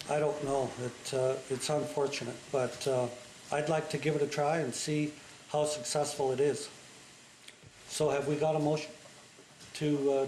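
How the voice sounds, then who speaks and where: A man chairing a city council meeting, brisk and with dry teasing asides, recorded in a council chamber. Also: fairly high pitch, darkish tone, echoey room, slight background noise, low-quality recording.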